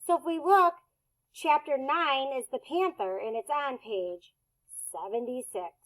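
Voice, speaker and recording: A woman teacher walks young children through a phonics lesson. She sounds out each letter slowly and deliberately, in a slightly high, unhurried voice. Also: fairly bright tone, rough recording.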